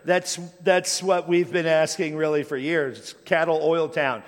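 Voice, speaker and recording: A man's voice: fairly high pitch, fairly even intonation, measured pace. A middle-aged American man preaching a sermon, telling stories from his life in a conversational way and repeating place names. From United States. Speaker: pastor. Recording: long hall reverb.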